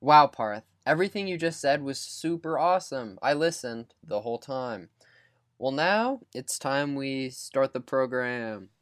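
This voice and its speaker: A young man co-hosting a podcast, teasing his partner in a deadpan, mock-formal way. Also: mid-range voice, unhurried, dry recording, studio quality. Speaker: podcast co-host. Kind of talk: casual banter.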